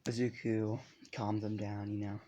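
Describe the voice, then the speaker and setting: A man's voice: on the low side, flat delivery, unhurried, warm tone, slight background noise. A man casually telling a fan story, rambling with lots of fillers and swearing.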